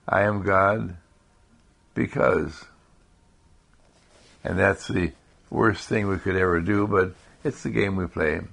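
A man giving a calm spiritual talk in slow, repetitive affirmations. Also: on the low side, vocal fry. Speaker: spiritual speaker.

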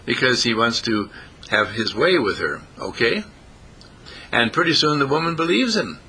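A man's voice: medium pitch, big pitch swings, normal speed, long pauses, bright, forceful tone, breathy edge. A man preaching a folksy sermon, repeating phrases and lifting his voice on the key words. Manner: folksy, repetitive, rising emphasis on key phrases.

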